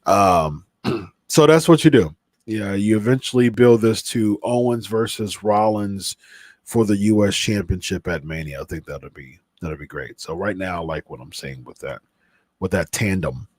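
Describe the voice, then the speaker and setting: A man's voice: fairly low pitch, moderate pace, dry recording. A man hosting a live podcast stream, chatting casually in a rambling way full of fillers and restarts, a little stuffy from a cold. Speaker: podcast host.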